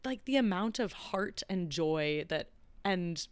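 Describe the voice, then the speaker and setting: A woman's voice: on the low side, expressive, slow pace, smooth, dry recording. A woman guest talking eagerly and casually about her arts project, with lots of fillers. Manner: enthusiastic, chatty, many fillers. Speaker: guest, arts organization leader. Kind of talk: casual podcast conversation. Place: Chicago.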